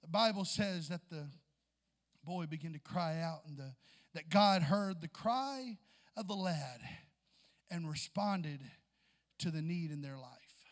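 A man preaching a sermon in an impassioned way, building toward near-shouts and calling out to the congregation. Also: on the high side, animated, slow, pauses often, long reverb tail.

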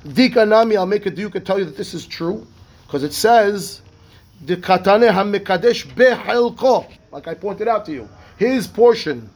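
A man, a rabbi teaching a Talmud class, reading text quickly and explaining it in rhetorical questions. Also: high-pitched. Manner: animated, reads Hebrew text fast then explains in English; asks rhetorical questions, acts out the rabbis' voices.

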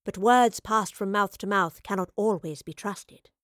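A woman reading aloud and voicing a calm, curious travelling professor who speaks in a measured, careful way. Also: mid-range voice, no room sound, studio quality, lightly acted.

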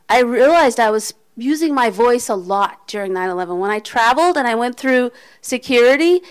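A woman from the United States speaks candidly to an audience in a conversational style, restarting and going off on asides. Her voice sits a little high, and the recording is low quality.

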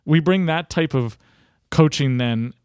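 A man's voice: a little high, a little slow, darkish tone, clear, resonant tone, dry recording. A man in his thirties, a coaching guest, talking casually and animatedly. He swears freely and plays out the dialogue in his stories. The recording is dry and close. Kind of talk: casual storytelling interview.

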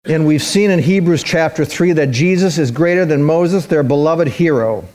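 A male pastor preaching an animated sermon, acting out the voices of biblical figures as he retells their stories. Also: a little high, normal speed. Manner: animated preaching, voicing biblical characters in quotes.

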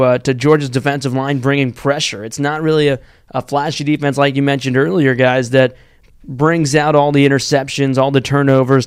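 A young man with a smooth, clear voice lays out his football analysis at an even, steady pace. He builds long, run-on points as he thinks aloud. The recording is dry and close. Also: medium pitch, no echo. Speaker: student sports podcast co-host. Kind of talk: sports analysis chat.

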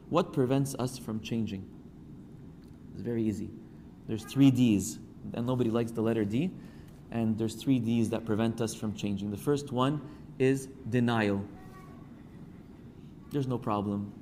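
A man's voice: medium pitch, darkish tone, a little hiss or hum. A male priest giving a sermon, building emphasis and acting out the people he quotes. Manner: preaching with rising emphasis, acting out quoted voices. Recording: church hall reverb, faint ambience.

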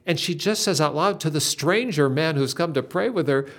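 An older man telling a faith story in an earnest, dramatic way, with lively shifts in emphasis. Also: on the high side, moderate pace.

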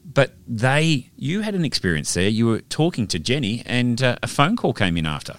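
A man's voice: mid-range voice, very animated, moderate pace, a bit bright. A man co-hosting a media podcast, chatty and jokey, rambling as he goes. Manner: jokey, rambling, puts on slang for laughs. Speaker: podcast co-host. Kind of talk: casual podcast chat.

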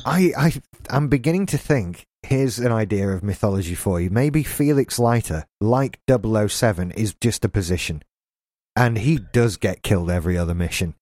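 A man's voice: lowish voice, expressive, normal speed, darkish tone, no room sound, clean studio sound. A man co-hosting a podcast, riffing in casual chat with jokey, rambling tangents. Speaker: podcast co-host.

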